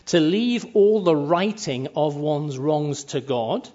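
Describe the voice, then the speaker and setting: A man's voice: a little high, animated, takes it slowly, a little mellow. A man preaching a sermon in a conversational way, sometimes acting out quoted lines. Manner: conversational, acts out brief quoted asides. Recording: muffled lo-fi sound.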